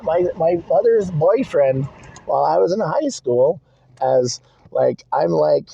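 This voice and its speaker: A man's voice: a little high, animated, slow pace, creaky, warm tone, slightly rough. A young man venting in a rambling, agitated monologue from inside his car, swearing and repeating himself. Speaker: vlogger. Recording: dry, muffled lo-fi recording.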